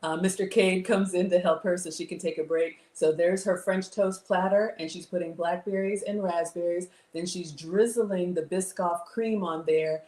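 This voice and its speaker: A middle-aged woman with a drawl talks viewers through a recipe live from her home kitchen. Her voice sits a bit low, and the room adds a noticeable echo. She keeps a running, homey chatter, calling everyone y'all. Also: steady tone, normal speed, hardly any pauses, darkish tone. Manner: chatty, addresses viewers as y'all, reads comments aloud. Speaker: livestream cooking host. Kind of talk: casual live-stream cooking chat.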